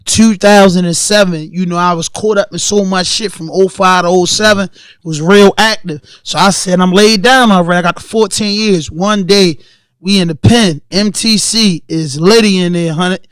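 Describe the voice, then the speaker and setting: A man's voice: high-pitched, steady tone, normal speed, a bit bright, dry recording, clean studio sound. A man in his thirties with a Baltimore accent, telling stories in a casual podcast chat and acting out the voices of the people in them. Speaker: podcast guest.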